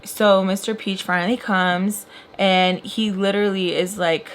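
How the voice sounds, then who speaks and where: Young woman, casual storytime voice, chatty and animated, faint hiss behind. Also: mid-range voice, unhurried. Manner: chatty, animated retelling with filler "like". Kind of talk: casual storytime while doing makeup.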